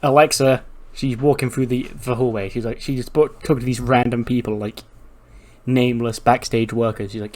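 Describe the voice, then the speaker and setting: A man with a mid-range voice talks through a game session in a relaxed, chatty way. He recaps what happens scene by scene and chuckles often as he goes. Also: medium pitch, moderate pace. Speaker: video game commentator. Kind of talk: casual let's-play narration.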